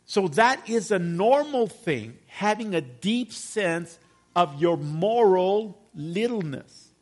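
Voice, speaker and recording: A man's voice: sits high, lively intonation, slow. A middle-aged man preaching a sermon as pastor, conversational, often asking the congregation to agree with him. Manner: conversational, addresses congregation with call-and-response questions.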